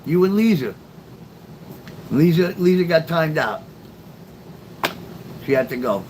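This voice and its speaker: A man's voice: a little high, takes it slowly. A middle-aged man chatting casually on a late-night livestream, answering viewers by name, swearing freely in a sarcastic, rambling way. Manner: talks back to chat, profane and sarcastic. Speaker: live streamer. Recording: steady background noise.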